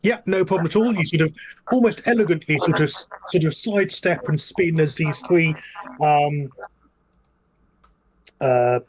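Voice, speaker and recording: A man's voice: a little high, unhurried, long pauses, poor audio. A man narrating as game master of a tabletop game, describing scenes in a rambling way full of fillers.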